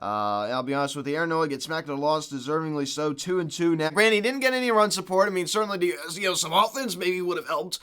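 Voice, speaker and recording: A man's voice: on the high side, fast talker, hardly any pauses, bright, forceful tone, smooth. Exasperated man ranting about his team. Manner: frustrated, exasperated, rambling with many fillers. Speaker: podcast host. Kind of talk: solo sports recap rant.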